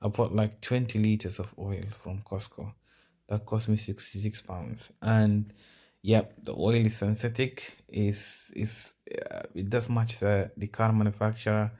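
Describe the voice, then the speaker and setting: Male vlogger, low-pitched, Arabic, chatty and self-mocking with lots of tangents. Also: little pitch movement, measured pace, a little mellow. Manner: rambling, self-mocking, with many asides. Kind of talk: casual talk over car-maintenance footage.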